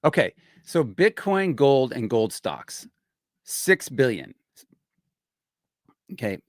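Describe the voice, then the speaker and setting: An older man hosting his own show, commenting excitedly on a clip he plays, rambling and repeating himself. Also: medium pitch, slow pace, dry recording, clean studio sound. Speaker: host. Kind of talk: casual commentary on a played clip.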